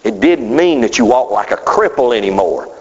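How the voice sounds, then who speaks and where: A man preaching a sermon, emphatic and drawn out, with sudden rises and falls in his voice. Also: animated. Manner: emphatic, drawn-out phrasing with sudden pitch swings. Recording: dull sound with long hall reverb.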